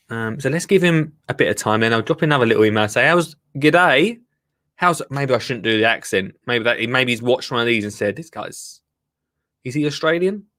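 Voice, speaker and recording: A man's voice: fairly high pitch, sharp tone. A man hosting a live gardening show, chatting casually and rambling to his viewers. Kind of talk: casual live-stream chat.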